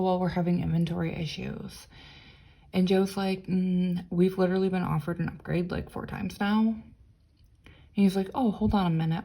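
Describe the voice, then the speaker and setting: A young woman vlogger tells a long story in an exasperated, chatty way, slipping into quick impressions of other people. Her voice sits low and has a gravelly, mellow texture. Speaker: planner vlogger. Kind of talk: casual storytelling vlog.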